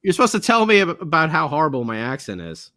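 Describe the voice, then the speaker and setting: A man co-hosting a late-night sports podcast, chatting casually in an animated, joking, rambling way. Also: a little high, quick pace, dry recording, studio quality. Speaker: podcast co-host.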